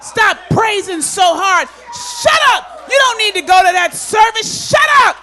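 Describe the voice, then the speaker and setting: Woman preacher doing a scolding crowd, sharp and scornful, in a raised, bright voice. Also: very high voice, lively intonation, a little slow, heavily acted. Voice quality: sharp, scornful, repeated shushing. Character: scolding crowd telling a blind beggar to hush.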